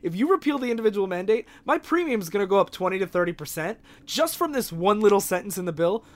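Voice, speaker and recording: A man's voice: high-pitched, lively intonation, fast talker. A man co-hosting a casual political chat, earnest and building his argument step by step. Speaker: podcast co-host.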